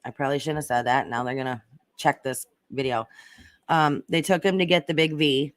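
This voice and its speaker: A woman's voice: sits low, steady tone, a little fast, no room sound, clean studio sound. A woman hosting a casual livestream, chatting and reading viewer comments in a rambling way, swearing freely. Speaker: livestream host reading chat. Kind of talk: casual chat.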